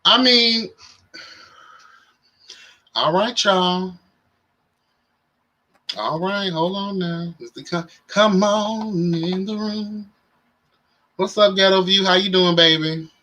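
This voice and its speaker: A man with a high voice hosts a casual livestream, chatting with viewers in a sassy, playful way and calling them "child" and "honey." He speaks slowly with frequent pauses and a sharp tone, and he sounds tired.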